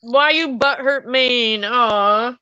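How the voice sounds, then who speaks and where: A chatty guest on a casual livestream, teasing and quick to laugh. The voice is bright and forward, and the sound is dry with a slightly dull, lo-fi edge. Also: mid-range voice, smooth, no echo.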